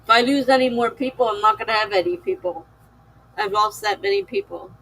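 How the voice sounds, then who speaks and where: A woman's voice: on the high side, big pitch swings, creaky, a bit bright, slight background noise, low-quality recording. A tired woman chatting casually with her live-stream viewers, weary and given to laughing. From United States. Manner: slow, weary, laughs often. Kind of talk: casual chat with chat readers.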